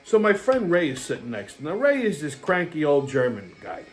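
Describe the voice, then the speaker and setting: A man's voice: a little high, huge pitch swings, a little fast. A man hosting his own show, telling a story as a profane, heated rant. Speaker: host. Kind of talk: casual ranting monologue.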